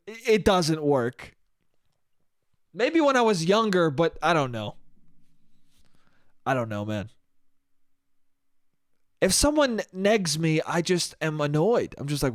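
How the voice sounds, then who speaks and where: A man's voice: on the high side, sing-song, takes it slowly, long pauses, dry recording, studio quality. Rambling, profane young man podcasting solo. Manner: rambling, profane, self-mocking, frequent laughs. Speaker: podcast host. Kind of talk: solo casual podcast monologue.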